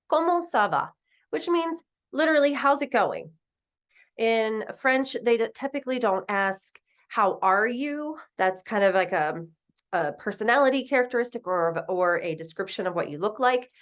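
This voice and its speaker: A woman teaching a recorded French lesson, patiently explaining and repeating phrases slowly. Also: a little high, expressive.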